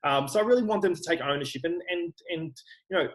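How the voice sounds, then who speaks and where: A man's voice: a little high, expressive, fast talker, poor audio. An Australian man, a personal trainer, talking frankly and earnestly in a casual interview, often restarting his sentences. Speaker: online personal trainer, guest.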